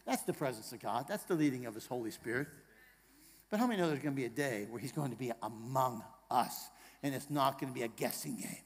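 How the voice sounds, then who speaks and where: A male pastor preaching a sermon in a church, moving between hushed, tender passages and loud, emphatic rallying lines, joking with the congregation and asking them questions. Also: mid-range voice, lively intonation, fast, breathy edge, big-room sound. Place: church sanctuary.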